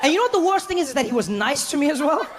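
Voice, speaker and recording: A male comedian with a South African accent tells stories on stage. His voice is high and he talks fast. He gets more and more animated as he goes. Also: noisy background. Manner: animated, climbs high with excitement. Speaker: stand-up comedian. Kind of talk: stand-up storytelling.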